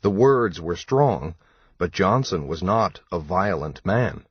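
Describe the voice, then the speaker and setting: Deep, slow, husky male audiobook narrator. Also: expressive, dry recording, muffled recording. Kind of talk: scripted narration.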